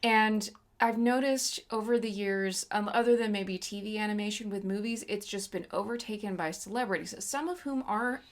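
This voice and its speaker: An opinionated woman co-hosting a laid-back movie review show. She rants in an offhand way, swears freely, and has a voice of middling pitch. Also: moderate pace, few pauses. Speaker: podcast co-host. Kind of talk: casual movie review chat.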